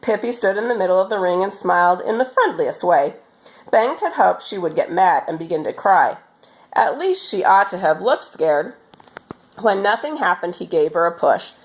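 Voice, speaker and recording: A woman reading a children's story aloud as storyteller, in an expressive, animated manner. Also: on the low side, normal speed, poor audio.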